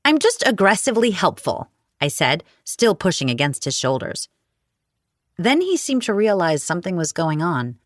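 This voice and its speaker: A woman narrating a romance audiobook in the first person, with wry, expressive storytelling. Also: low voice, normal speed, dry recording, clean studio sound.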